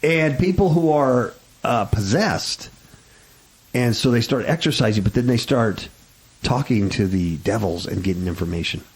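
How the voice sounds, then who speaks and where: A man's voice: mid-range voice, moderate pace, poor audio. A man hosting a radio talk show, chatting casually in a sarcastic, mocking way. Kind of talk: casual chat.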